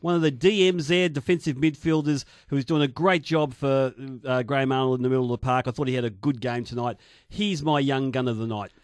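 A man on a sports radio panel in a studio, measured and analytical. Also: medium pitch, no echo.

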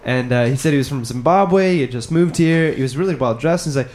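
A man's voice: medium pitch, a little fast, darkish tone. A man in casual podcast chat, telling rambling anecdotes and doing voices for other people. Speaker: podcast co-host.

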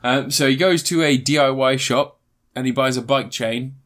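A man's voice: mid-range voice, normal speed, a bit bright. A man hosting a podcast, tired and yawning, rambling through a film review with lots of fillers, restarts and swearing. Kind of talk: casual chat.

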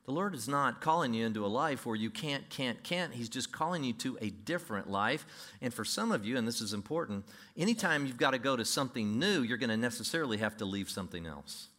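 A man preaching a sermon, animated, acting out imagined voices and quoting scripture. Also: mid-range voice, a little fast. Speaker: pastor.

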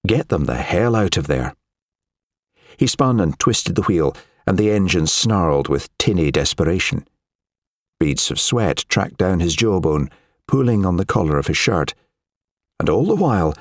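A man narrating an audiobook in a measured, expressive storytelling manner. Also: sits low, no echo, clean studio sound. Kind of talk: scripted narration.

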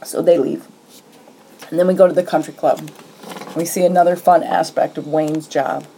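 A woman co-hosting a podcast, casually retelling a movie plot in a lively storytelling way and acting out lines from scenes. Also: deep voice, normal speed, vocal fry, slight background noise, poor audio. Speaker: podcast co-host. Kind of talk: casual movie recap chat.

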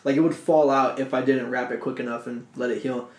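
A young man telling a story to friends in casual chat, animated and swearing. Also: medium pitch, fairly quick. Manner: animated, swearing, laughs through his story. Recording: echoey room.

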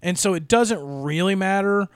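A man on a podcast telling a long, meandering story, full of fillers and asides. His voice sits a little high, recorded dry and close. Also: normal speed, dry recording. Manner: rambling, many fillers and "you know what I mean". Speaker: podcast co-host. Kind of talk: casual chat.

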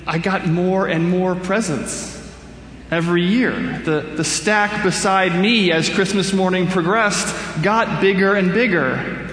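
A man with a high, light voice delivers a sermon in a relaxed, conversational way, teasing himself with dry humor. His words ring out through a large church with a long, roomy reverb trailing behind every phrase. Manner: conversational, self-deprecating humor. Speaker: pastor. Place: church sanctuary. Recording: echoey hall with long reverb.

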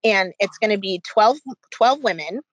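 A woman's voice: medium pitch, expressive, no echo, highs cut off. Enthusiastic woman, dry close sound. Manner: enthusiastic, talks fast with many fillers. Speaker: guest. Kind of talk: casual podcast conversation.

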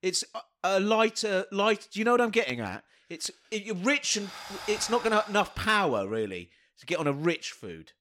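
A man's voice: sits high, big pitch swings, normal speed, hardly any pauses, sharp tone, a little hiss or hum. A man co-hosting a comedy podcast, chatting casually and describing tastes in playful detail. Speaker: podcast co-host. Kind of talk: casual comedy chat while tasting sauces.

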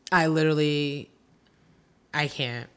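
A woman co-hosting a casual podcast, her voice sitting a bit low. She talks in an exasperated, emphatic way, circling back to the same words. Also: fairly even intonation, slow pace, fairly bright tone, a little hiss or hum. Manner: exasperated, emphatic, repeats herself. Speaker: podcast co-host. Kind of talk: casual chat.

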